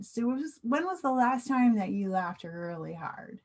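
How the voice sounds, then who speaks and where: An American woman teaching English slang in an online class. She speaks clearly and asks the viewer questions. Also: fairly high pitch, animated, normal speed, darkish tone.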